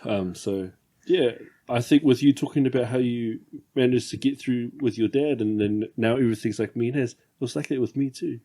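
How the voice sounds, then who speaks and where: A man's voice: mid-range voice, brisk, mellow. A middle-aged man hosting a podcast, reflecting candidly on fatherhood and swearing casually. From New Zealand. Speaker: podcast host. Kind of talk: casual chat.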